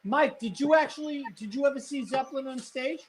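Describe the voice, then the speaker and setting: A woman's voice: high-pitched, fairly quick, crowd noise, rough recording. A woman co-host in casual chat, teasing and egging the others on. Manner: teasing, pushy, eggs others on.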